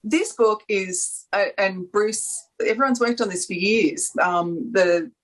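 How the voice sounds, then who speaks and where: A woman's voice: medium pitch, slow pace, poor audio. A woman with an Australian accent, chatting enthusiastically on a panel, rambling and laughing often. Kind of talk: casual chat.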